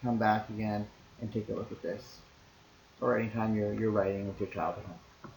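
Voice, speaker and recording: Easygoing man, gravelly voice, echoey room. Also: fairly low pitch, steady tone, moderate pace, darkish tone, a little hiss or hum. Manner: easygoing, reassuring, talks things through step by step. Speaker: teacher. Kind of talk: explaining to parents in a recorded lesson.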